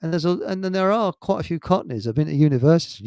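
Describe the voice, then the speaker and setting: A man's voice: fairly high pitch, animated, fast talker, darkish tone, dry recording, clean studio sound. A man with a Hertfordshire accent chatting casually as host, rambling, chuckling often and trailing off mid-sentence. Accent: Hertfordshire English. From England. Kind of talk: casual chat.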